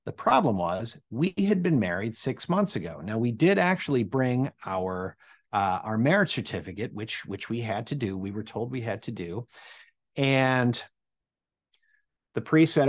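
American guy in his 40s telling a funny personal story, animated, builds the suspense. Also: medium pitch, normal speed. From United States.

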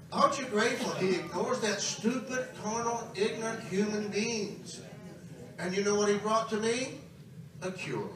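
A man's voice: high-pitched, animated, moderate pace, noisy background. A man preaching a camp meeting sermon, emphatic and calling out to his congregation. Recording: very echoey hall, distant mic.

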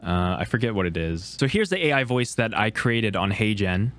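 A man hosting a casual tech tutorial, explaining each step in a relaxed, conversational way. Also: lowish voice, moderate pace, dry recording. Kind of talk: casual screen-recorded tutorial.

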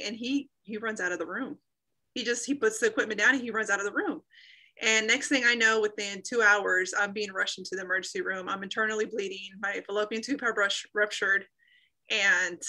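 A woman's voice: a little high, bright, forceful tone, rough recording. A woman in her thirties earnestly sharing a personal faith testimony over a video call, acting out quoted remarks as she goes. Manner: earnest storytelling with reenacted quotes.

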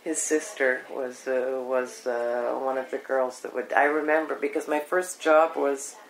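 An older woman from Canada, reminiscing in an interview, rambling along with many pauses. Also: extremely low pitch, steady tone. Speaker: oral history interviewee. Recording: echoey room.

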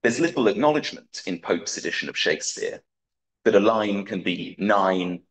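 A man giving a conference talk, reading an academic paper aloud in a measured, precise way with dry wit. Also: on the low side, animated, poor audio. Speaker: conference speaker.

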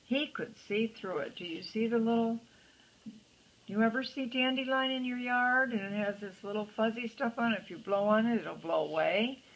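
Older woman, husky, storybook read-aloud with friendly asides to a young listener. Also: a little high, normal speed, low-quality recording. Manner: gentle, chatty asides to the child. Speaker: storyteller grandmother. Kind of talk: reading a picture book aloud to a child.

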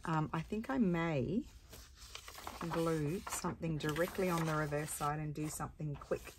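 A woman's voice: low voice, unhurried, noisy background. A woman hosting a casual crafting session, chatting to viewers in a rambling, friendly way as she sorts papers. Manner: chatty, rambling, talks to viewers while working. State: has the hiccups. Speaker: crafting channel host. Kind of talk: casual chat while crafting.

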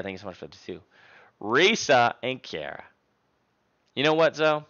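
Playful young male streamer, bright voice. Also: on the low side, highs cut off. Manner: playful, jokey, thanks viewers by name. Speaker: live streamer. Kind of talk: casual stream chat.

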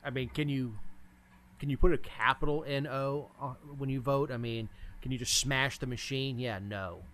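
A man talks bluntly in a relaxed, folksy manner. His voice is of average male pitch, and he states his views without softening them. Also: moderate pace, a little hiss or hum. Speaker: podcast co-host. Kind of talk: casual political chat.

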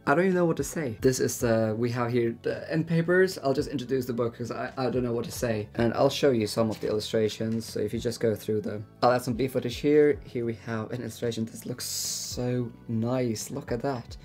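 Excitable man gushing over books. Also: mid-range voice, brisk, few pauses, soft background music. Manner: excitable, gushing, breathless exclamations. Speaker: book YouTuber. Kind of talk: book haul unboxing vlog.

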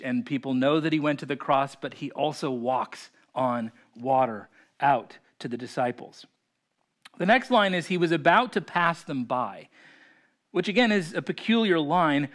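A male pastor preaching an online sermon, reflective, slowing and softening his voice to stress key words. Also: a little high. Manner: reflective, slows and softens for emphasis.

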